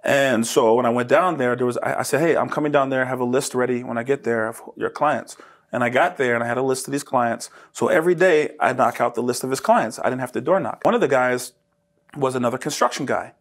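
A man's voice: medium pitch, fast talker. A man from New Jersey, a roofing business owner, telling stories in an interview and acting out dialogue with laughter. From New Jersey, USA. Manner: laughs often, acts out dialogue in lively voices. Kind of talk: animated interview storytelling.

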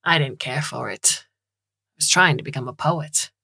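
A rough, gravelly old hobo who happens to be a talking caravan, as a woman reading the story puts him on. He grumbles and rambles, low and husky, in a dry close recording. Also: measured pace, bright, forceful tone, dry recording, full character voice. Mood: rambling. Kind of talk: audiobook reading.

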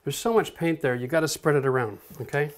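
A middle-aged man teaching a hands-on painting lesson in an energetic, coaching way, checking in often with "okay?". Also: a little high, fast talker, slight background noise. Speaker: home renovation instructor.

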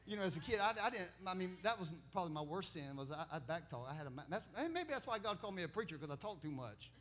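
A man preaching a sermon as pastor, telling stories with laughs and building to loud, emphatic preaching. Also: high voice, very animated, fast talker.

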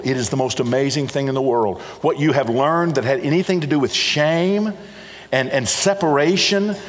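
A middle-aged man preaching a sermon, earnest and repetitive, speaking directly to his congregation. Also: medium pitch. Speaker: pastor. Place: church sanctuary. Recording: church hall reverb.

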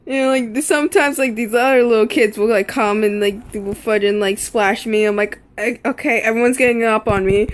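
A woman's voice: sits high, a little hiss or hum. A young woman telling a casual story, rambling with lots of fillers and swearing.

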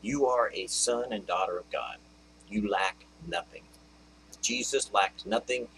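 A man giving a video devotional sermon, earnest, reading scripture slowly and softening to a hushed, consoling tone. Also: on the low side, vocal fry, a little hiss or hum, rough recording. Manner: earnest, reads scripture in a slow, lifted voice. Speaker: devotional preacher.

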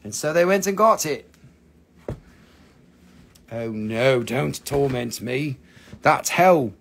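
Man, live mineral sales stream, casual, jokey, curses a lot, average pitch. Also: expressive, slow, gravelly, a little hiss or hum. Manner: joking, blunt, swears freely, non-native phrasing.

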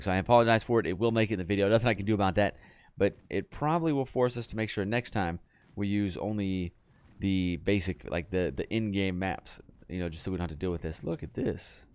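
A young adult man casually commenting on his video game as he plays, chatty and breaking into excited yells when things go wrong. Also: fairly low pitch. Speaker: gaming channel host.

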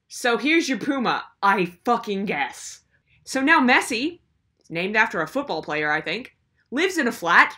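A woman's voice: a little high, sharp tone. A young woman hosting a comedic commentary video, ranting in a sarcastic, exasperated way. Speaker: video host.

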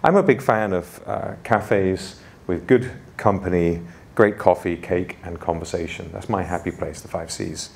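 A man opens a conference as keynote speaker. His voice sits somewhat low, and his delivery is informal and self-deprecating. Fillers come often as he talks. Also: a little slow, vocal fry. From London.

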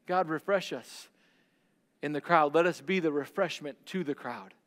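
A male pastor preaching a sermon, swinging between loud declarations and hushed, slow lines. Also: fairly high pitch, in a large hall.

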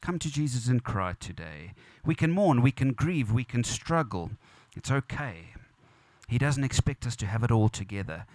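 A man's voice: medium pitch, sing-song, normal speed, a little mellow, dry recording. A man preaching at a funeral as pastor, earnest and repetitive, building emphasis. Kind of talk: funeral sermon. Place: church or funeral venue.

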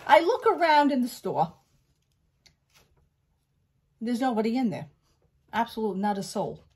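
A woman's voice: on the high side, big pitch swings, measured pace, breathy edge. Chatty rambling woman vlogger. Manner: rambling, chatty storyteller who repeats "I says"; gets loud and indignant when telling a grievance. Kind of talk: casual haul vlog and storytelling.

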